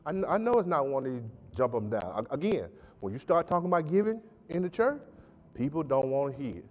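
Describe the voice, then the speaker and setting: A man pastor preaching a sermon with emphatic call-and-response delivery, swinging between loud and soft. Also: on the high side, very animated, brisk. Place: church sanctuary. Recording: church hall with long reverb.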